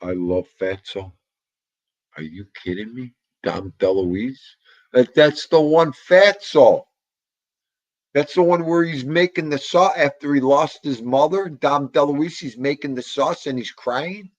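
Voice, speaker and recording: A man's voice: mid-range voice, unhurried, no echo, lo-fi sound. A man hosting a casual livestream, rambling about old movies, muttering asides to himself and greeting chat. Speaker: livestream host.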